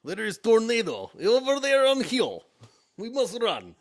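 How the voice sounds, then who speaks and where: A man's voice: extremely high pitch, huge pitch swings, measured pace, pitched above the performer's own voice, full character voice. A man putting on a fake Russian accent to play a stern Russian soldier, speaking clipped broken English with dropped articles. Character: gruff Russian soldier bracing for danger. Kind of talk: comic impression.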